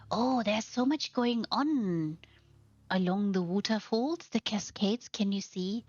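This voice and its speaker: Slow, gushing woman touring game homes. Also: medium pitch, darkish tone, no echo. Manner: gushing, affectionate, admiring. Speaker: game housing showcase host. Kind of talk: gameplay tour voice-over. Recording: slightly muffled, faint music behind.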